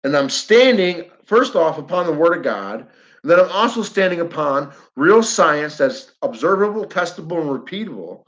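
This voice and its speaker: New York-accented man, blunt and animated livestream ranter, slightly high voice, muffled audio. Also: normal speed. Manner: blunt, animated, repeats himself, talks to chat viewers. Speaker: flat earth livestreamer. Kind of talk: fired-up livestream rant.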